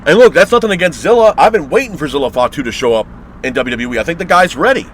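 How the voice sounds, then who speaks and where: Ranting, foul-mouthed man, slightly high. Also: expressive, fast talker, slight background noise, low-quality recording. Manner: heated, exasperated, swears constantly. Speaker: wrestling review host. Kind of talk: profane ranting review.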